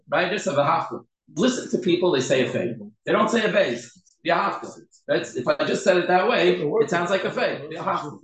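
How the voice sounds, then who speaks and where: A man's voice: a little high, roomy sound, rough recording. A man teaching a Torah class to a group, earnest, often repeating and restarting his words as he stresses how to pronounce them.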